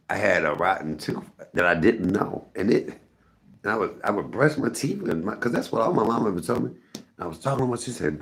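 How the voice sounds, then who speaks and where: A low voice with vocal fry belongs to a middle-aged man hosting a live stream. He spins rambling, candid tales for viewers and responds to his chat, keeping things casual.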